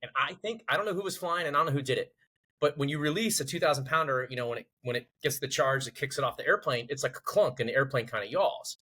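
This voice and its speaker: A man's voice: medium pitch, quick pace, breathy edge, rough recording. A man telling a funny military story in casual chat, acting out the others' lines in a raised voice. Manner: animated, acts out quotes with rising voice. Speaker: podcast host.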